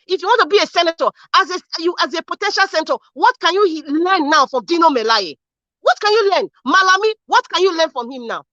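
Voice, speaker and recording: Fiery high-voiced Nigerian woman ranting. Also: expressive, quick pace, fairly bright tone, dry recording. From Edo State, Nigeria. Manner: angry, fiery, repeats herself with many rhetorical questions. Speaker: political commentary host. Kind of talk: impassioned political rant. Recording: dull lo-fi sound.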